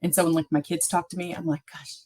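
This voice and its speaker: Chatty mother telling animated stories. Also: lowish voice, very fast, poor audio. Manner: animated storyteller, acts out quoted dialogue. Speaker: podcast co-host. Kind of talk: casual book chat.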